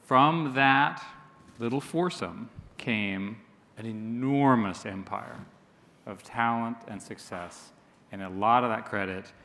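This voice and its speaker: A man's voice: medium pitch, slow, gravelly, sharp tone, big-room sound. A man on a panel telling a casual anecdote with a dry, teasing manner. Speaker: panel speaker.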